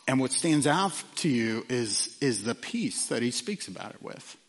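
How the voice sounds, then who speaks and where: A man preaching a sermon earnestly, with frequent fillers and quiet drops for emphasis. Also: mid-range voice, sing-song, measured pace, long reverb tail. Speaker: pastor.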